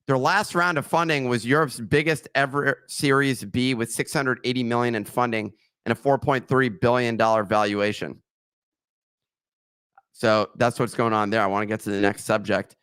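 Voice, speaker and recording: A man's voice: mid-range voice, fairly even intonation, moderate pace, a bit bright, clear, resonant tone, dry recording. Joking, rambling podcast host man. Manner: rambling, joking asides, slips of the tongue. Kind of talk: casual podcast chat with ad read.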